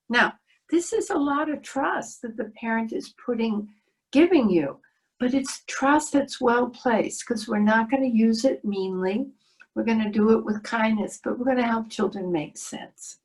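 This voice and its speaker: A woman's voice: fairly high pitch, measured pace, rough recording. A middle-aged woman giving a talk on a video-call webinar, telling stories in a reflective way. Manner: storytelling, warm and reflective. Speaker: child development speaker.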